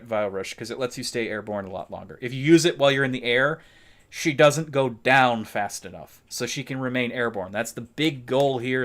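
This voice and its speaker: A man's voice: mid-range voice, a bit bright. A man streaming a video game live, chatting casually and explaining his character build as he plays.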